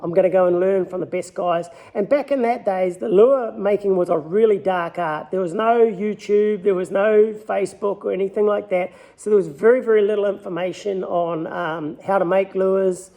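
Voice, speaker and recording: High-voiced New Zealand man telling stories. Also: moderate pace, creaky, few pauses, warm tone. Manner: easygoing, rambling anecdotal telling. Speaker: lure maker. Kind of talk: personal storytelling interview.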